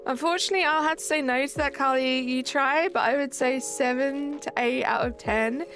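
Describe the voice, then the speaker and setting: A woman's voice: sits high, normal speed, fairly bright tone. A young woman live streaming at home on a desk mic, chatting casually, reading chat aloud and joking back. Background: faint game music.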